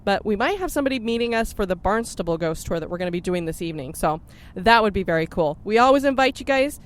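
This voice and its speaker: A woman's voice: mid-range voice, expressive, quick pace. A woman hosting a podcast, chatting in an upbeat, laughing way from inside a car, sharing one mic. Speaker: podcast host. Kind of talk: casual chat. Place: in a car on a road trip. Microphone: sharing one mic with co-host.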